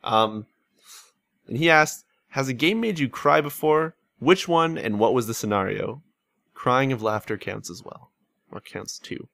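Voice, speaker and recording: A bright, animated man hosting a gaming podcast. He talks loosely and swears constantly. When he tells a story he jumps into a high, shrill voice. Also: unhurried, gravelly. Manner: swears a lot, acts out stories in a shrill voice. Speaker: podcast host. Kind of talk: casual gaming podcast chat.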